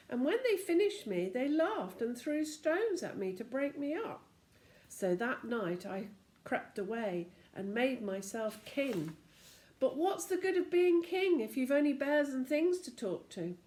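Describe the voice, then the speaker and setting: A pompous snowman king who orders everyone about in a soft, snowy voice, as a grandmother puts him on. He sounds a touch higher and louder than her reading voice, with a lively, swinging pitch. This is storybook reading for children. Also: unhurried. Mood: bossy. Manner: commanding, self-satisfied.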